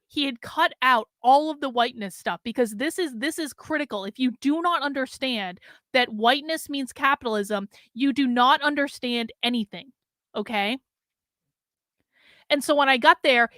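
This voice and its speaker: A woman with a high, bright voice vents in an exasperated, foul-mouthed rant, circling back over the same points and firing off strings of refusals. The recording is dry and close, with no room around her. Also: dry recording. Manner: exasperated, profane, repetitive venting. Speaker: vlogger. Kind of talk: ranting vlog.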